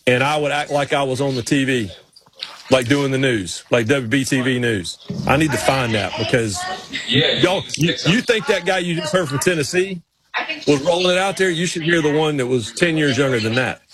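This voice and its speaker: A man's voice: mid-range voice, moderate pace, a crowd in the background. A man with a Southern American accent from North Carolina, co-hosting a sports radio show in casual, repetitive banter. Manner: chatty, repeats himself, laughs easily.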